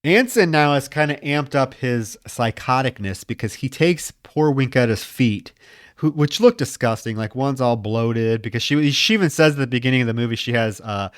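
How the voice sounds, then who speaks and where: A man's voice: medium pitch, normal speed, clean tone, dry recording, clean studio sound. A man co-hosting a podcast, casually recapping a horror movie plot with loose, profane chatter. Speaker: podcast co-host. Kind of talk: casual film discussion.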